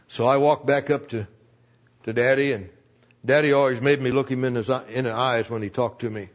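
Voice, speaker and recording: A man's voice: medium pitch, normal speed. An older man telling a rambling, folksy personal story to a church audience, with lots of fillers and restarts. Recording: dull lo-fi recording.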